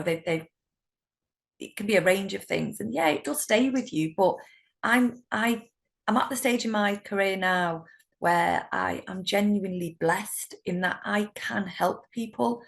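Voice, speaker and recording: A middle-aged woman with a British accent, a solicitor telling stories in an interview, animated and laughing often. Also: medium pitch, gravelly. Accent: British English. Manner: warm, animated storytelling with laughs. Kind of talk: conversational interview.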